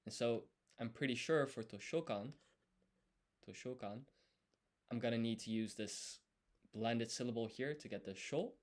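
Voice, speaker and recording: A man works through a study session out loud, explaining each step as he writes. His pitch sits in an ordinary middle range, and he talks deliberately, stopping often to correct himself. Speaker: language learner streaming his study. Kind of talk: thinking-aloud study session.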